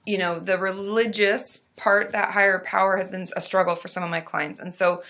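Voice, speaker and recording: A young woman therapist answering viewer questions on a casual live stream, chatty and warm, with sudden loud whooping between answers. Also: medium pitch, little pitch movement, normal speed. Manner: chatty, reads viewer comments aloud, bursts into loud monkey whoops.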